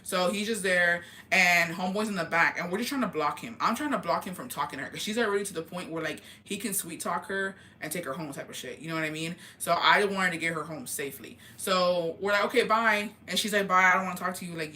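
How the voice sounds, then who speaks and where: Young woman, vlogger, casual storytime gossip, crisp bright tone, swears freely, acts out quotes. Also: lowish voice, fast, few pauses, slight background noise. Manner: animated, profane, acts out quoted dialogue.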